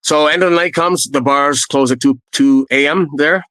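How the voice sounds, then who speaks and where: A man's voice: a little high, normal speed, sharp tone, smooth, dry recording, rough recording. A middle-aged man telling his own stories in a casual, earnest, rambling way, with plenty of fillers. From Canada. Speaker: storyteller guest. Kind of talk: casual first-person storytelling.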